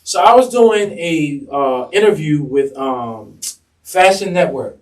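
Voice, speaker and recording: A man's voice: on the high side, animated, slow pace, far from the mic. A man, a fashion designer, telling stories as an interview guest and animatedly acting out the people he quotes. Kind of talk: casual storytelling interview.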